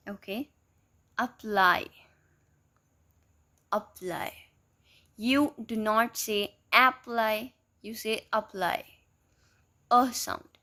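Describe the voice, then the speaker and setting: A woman's voice: fairly high pitch, a bit bright. A woman teaching a lesson in a patient way, repeating example words as she explains.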